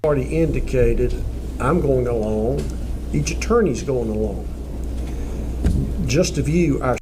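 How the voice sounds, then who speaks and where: A man's voice: mid-range voice, unhurried. A man serving as judge, giving a jury plain, folksy instructions with frequent filler words. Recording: noisy courtroom footage.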